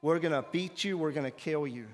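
Guy doing a panicky menacing kidnapper guard, shouting high, lots of hall echo. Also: a little fast, natural voice. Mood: threatening. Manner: yelling, frantic, menacing. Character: frantic threatening male kidnapper guard.

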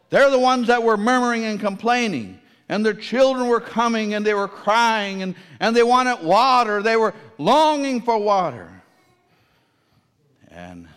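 A man's voice: high-pitched, fairly bright tone, in a large hall. A man preaching a sermon, asking his listeners questions and repeating key phrases for emphasis.

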